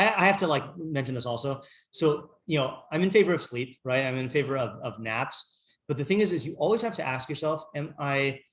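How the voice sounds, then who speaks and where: A rabbi leads a small morning study class at a conversational pace. He reads Hebrew lines, then explains them in English while thinking aloud, full of fillers and restarts. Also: mid-range voice. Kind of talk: casual Torah class.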